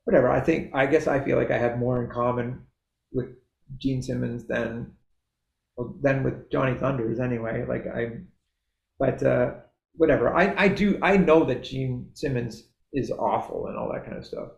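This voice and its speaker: In a roomy-sounding recording, a middle-aged musician with a Canadian accent talks as a guest on a casual podcast. His mid-range, gravelly, somewhat dark voice moves at a moderate pace as he rambles, interrupts himself, and laughs a lot.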